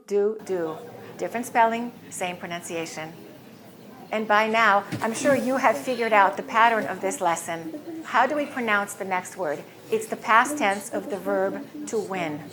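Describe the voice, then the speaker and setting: A woman teaching English pronunciation, speaking slowly and clearly, saying each word twice. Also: mid-range voice. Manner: slow, clear modeling of words, repeating each twice. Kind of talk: pronunciation lesson.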